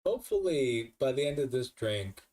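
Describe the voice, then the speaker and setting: A man's voice: medium pitch, very animated, normal speed, a little mellow, recorded from a distance. A drunk man who keeps hiccuping, chatting casually on a live stream, swearing a lot and laughing at himself.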